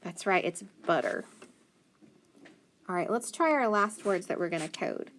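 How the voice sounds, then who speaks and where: A woman's voice: lowish voice, animated, unhurried, a bit bright, a little hiss or hum. A woman teaching a phonics lesson, patiently sounding out words and encouraging the listener.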